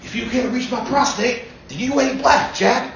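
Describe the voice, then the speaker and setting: Guy putting on a grumpy rambling old president voice, pitched way up, echoey dull room sound. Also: normal speed, a bit bright, far from the mic, slight background noise. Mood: cranky. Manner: folksy, rambling, quarrelsome. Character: cranky old male president, rambling and gruff.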